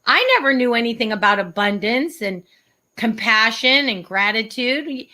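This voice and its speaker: An older woman hosts a show, gushing with emotion in quick bursts. Her voice is high and bright, with a sharp, forward edge. It sounds like a video call. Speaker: show host. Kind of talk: conversational interview.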